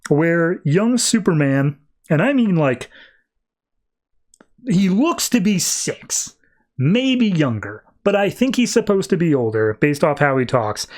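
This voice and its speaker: A man with a fairly high voice hosts a casual podcast recap. He rambles in slangy, loose sentences and slips into quick voices for the characters. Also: very animated, a little mellow. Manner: rambling, slangy, acts out quotes. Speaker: podcast host. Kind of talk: casual comic book recap.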